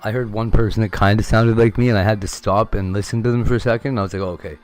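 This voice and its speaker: A man's voice: lowish voice, steady tone, fast, a little mellow, soft background music. A man chatting casually on a livestream, rambling and candid, swearing freely. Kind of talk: casual chat.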